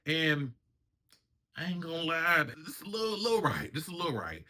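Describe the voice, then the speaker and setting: A man's voice: a little high, sing-song, fairly quick, crowd noise. A man hosting a casual reality TV review, chatting and acting out the cast members' lines in raised voices. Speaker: reality TV commentary host.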